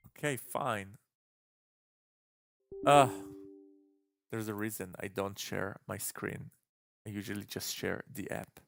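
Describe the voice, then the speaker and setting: A man's voice: lowish voice, slow, vocal fry, long pauses. A man chatting through a live game stream, with exasperated self-talk.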